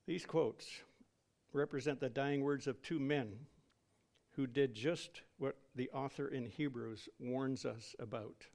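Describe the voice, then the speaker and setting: A man's voice: medium pitch, slow, vocal fry, darkish tone. A man preaching a sermon in a solemn, dramatic way, drawing out words for emphasis.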